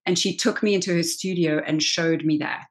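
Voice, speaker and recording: A woman in her forties, an actress guest telling an animated story with quick restarts in a casual interview. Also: on the low side. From South Africa.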